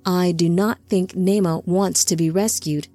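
A woman's voice: fairly low pitch, steady tone, dark tone, no echo, faint music behind. Woman reading Yemezrek, a remorseful angelic being. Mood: solemn. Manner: formal, measured. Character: remorseful male angelic being, solemn and gentle.

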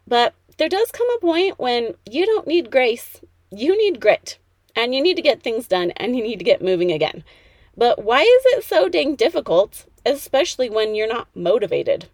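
A woman's voice: fairly high pitch, big pitch swings, moderate pace, darkish tone, no echo. A woman in her thirties hosting a motivational podcast, talking in a peppy, chatty way straight to the listener. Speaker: podcast host.

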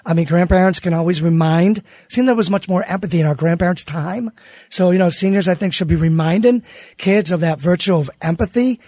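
A middle-aged American man, a teacher and author, talking as a radio interview guest in an animated, emphatic way and often restarting his words. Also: high-pitched, fairly quick, dry recording, studio quality. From United States.

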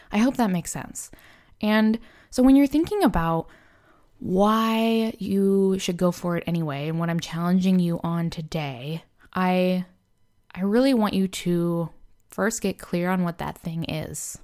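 Her pitch is fairly low and a little mellow. She's a young woman hosting an informal motivational podcast, chatting frankly and loosely with frequent "like" and "you know," in a candid, self-deprecating manner.

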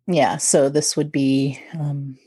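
A woman with a slightly low voice chats through folklore on a podcast. She is talkative and self-deprecating and laughs often. The sound is close and dry. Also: little pitch movement, slow, dark tone, husky, no room sound. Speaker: podcast co-host. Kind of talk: casual chat about folklore.

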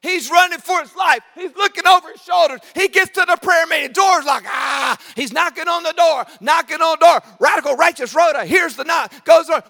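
A man preaching a sermon, telling the story with animated acted-out voices, swinging from shouts to quiet asides. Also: brisk, gravelly, few pauses, long reverb tail. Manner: animated storytelling, acting out voices, shouting then dropping low. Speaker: pastor.

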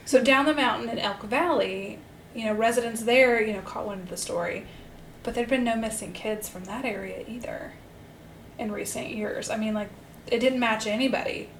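A woman's voice: on the high side, moderate pace. Chatty woman telling a case, roomy sound. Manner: chatty, upbeat storytelling with frequent fillers. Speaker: podcast co-host and storyteller. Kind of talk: casual true-crime podcast chat. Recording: roomy echo with faint hiss.

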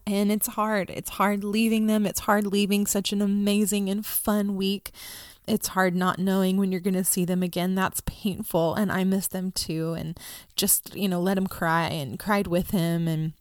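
A woman's voice: mid-range voice, steady tone, measured pace, clean tone, no room sound, clean studio sound. A woman in her thirties, a mother, talking earnestly and reflectively in a conversational way, with many ums and restarts. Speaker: mother telling a family story. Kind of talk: reflective personal talk.

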